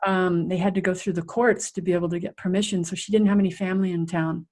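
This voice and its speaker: A woman's voice: on the low side, fast. Middle-aged woman telling a vivid story. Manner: vivid, animated storyteller who acts out scenes. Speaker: guest, resilience coach. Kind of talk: personal storytelling in a podcast interview.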